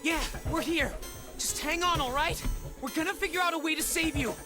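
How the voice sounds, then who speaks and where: A man voicing a frantic young man who shouts and swears at a jammed door. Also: very high voice, fairly quick, over music, voice pushed up. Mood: reassuring.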